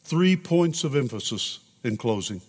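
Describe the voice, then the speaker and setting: A man's voice: medium pitch, lively intonation, unhurried, slightly rough. A man preaching a sermon as a pastor in a church sanctuary, emotional and at times urgent. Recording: long reverb in a large sanctuary.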